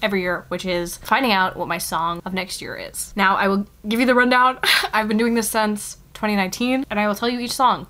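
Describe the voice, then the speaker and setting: A woman's voice: mid-range voice, fairly quick. Gushing young woman vlogger. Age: young adult. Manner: gushing and excitable, swears casually, frequent "like". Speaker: book vlogger. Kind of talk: casual vlog chat.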